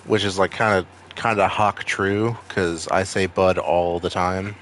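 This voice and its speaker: A man's voice: deep voice, steady tone, measured pace, fairly bright tone, slight background noise. A man with a Maine accent streaming a video game, chatting casually with viewers in a rambling, freely swearing way. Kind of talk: casual gaming stream chat.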